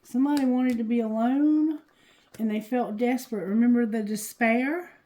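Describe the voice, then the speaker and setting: A woman giving a casual tarot reading to her viewers, talking loosely and cursing, going quieter when she asks the cards. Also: a little high, normal speed, low-quality recording. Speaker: tarot reader.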